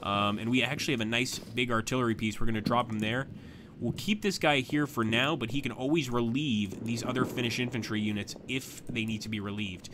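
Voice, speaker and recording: A man's voice: mid-range voice, fairly quick, noisy background. Chatty man streaming a strategy game. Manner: chatty, talks viewers through moves, bursts of excitement at big attacks. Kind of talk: live strategy game commentary.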